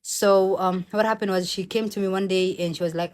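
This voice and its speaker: A young woman from Somalia, telling a personal story in a casual, animated vlog and acting out the other people's voices. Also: medium pitch, fairly quick, hardly any pauses. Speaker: vlogger.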